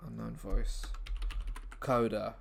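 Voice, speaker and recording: A man's voice: on the low side, level tone, slow pace, vocal fry, a little hiss or hum. A man comedian writing a script live on stream, musing and thinking aloud with his viewers, often trailing off mid-thought.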